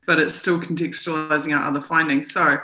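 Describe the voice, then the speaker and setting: A woman's voice: low voice, level tone, brisk, pushed and bright. A woman co-hosting a live stream, reading official text aloud and then commenting on it. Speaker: co-host analysing documents. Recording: roomy echo.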